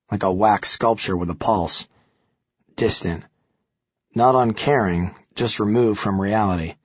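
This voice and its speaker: A man narrating a first-person thriller audiobook in a steady, gritty way. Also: lowish voice, husky, no echo, muffled recording.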